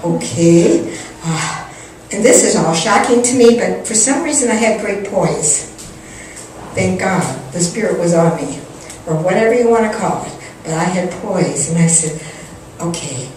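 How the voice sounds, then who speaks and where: A woman's voice: medium pitch, moderate pace, a little mellow. An earnest woman teacher recounts a personal story and acts out the conversations in it. Her voice carries from a distance through a very echoey hall, with faint noise underneath. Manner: earnest, recounts events acting out quoted dialogue. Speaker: spiritual teacher. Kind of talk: storytelling talk.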